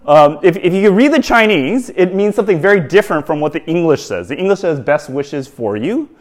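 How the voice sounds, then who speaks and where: A man preaching a sermon, halting, with many fillers and restarts and rhetorical questions to the audience. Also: high-pitched, lively intonation.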